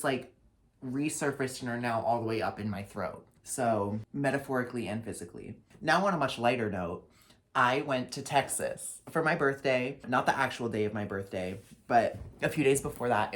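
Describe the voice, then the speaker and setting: A young man, a drag performer, talking through his year in a casual vlog, sassy and profane, swinging between loud outbursts and low mutters. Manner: sassy, profane, dramatic asides.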